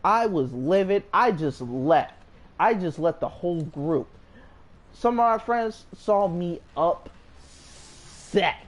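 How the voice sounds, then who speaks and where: A man's voice: sits high, animated, slow pace. A man telling a story in a casual storytime monologue. He rambles with energy and keeps restarting his sentences. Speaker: storyteller vlogger.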